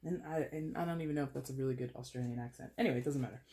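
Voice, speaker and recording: A woman's voice: very deep voice, rapid-fire, a little hiss or hum. Casting: woman in her thirties, tarot reader, chatty, playful, laughs a lot. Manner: chatty, animated, laughs and plays with voices. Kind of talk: casual tarot reading to camera.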